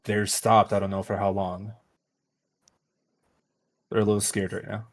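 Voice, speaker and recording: Male player, low voice, relaxed, joking, cusses in character. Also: unhurried, dry recording, studio quality. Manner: laid-back, laughing, swearing. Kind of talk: casual in-character play.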